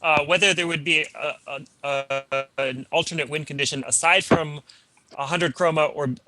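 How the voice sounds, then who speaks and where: A man's voice: on the high side, steady tone, normal speed, pushed and bright, dry recording, soft background music, rough recording. A man co-hosting a live stream who passes viewer questions and backer counts along, hesitant, with many restarts. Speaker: stream co-host relaying chat questions. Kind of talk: casual live-stream chat.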